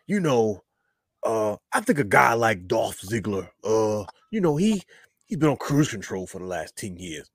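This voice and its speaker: Man impersonating a blunt wrestling veteran, low voice, drawling, dry sound. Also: big pitch swings, a little slow, no echo, heavily acted. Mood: matter-of-fact. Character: impression of a blunt male wrestling legend.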